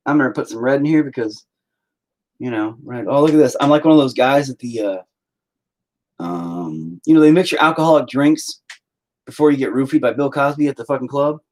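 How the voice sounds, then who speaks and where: Livestreaming a painting session from home, this thirty-something artist rambles in crude, joking chat and keeps slipping into shrill mocking voices. He talks fairly quickly in a slightly mellow voice, and the recording is rough.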